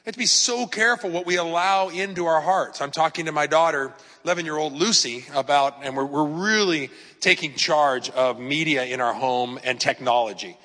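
Here the same sort of conversational sermon comes from a man in his fifties whose voice is a little high and sharp-toned. He talks at normal speed with few pauses, weaving in personal anecdotes and rhetorical questions, all echoing in a long hall reverb.

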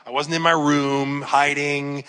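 A man in his fifties preaches in a large church, his voice a touch high and bright. He talks to the room like a friend, leaning on stories and rhetorical questions. The sound rings with a long hall reverb. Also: level tone, unhurried. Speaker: pastor. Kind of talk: conversational sermon.

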